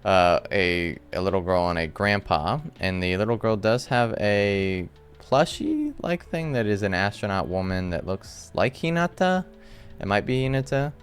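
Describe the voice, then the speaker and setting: A man hosting a casual, rambling breakdown of a TV episode from a room at home, full of animated asides. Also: fairly low pitch, normal speed, clean tone, soft background music. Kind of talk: casual recap commentary.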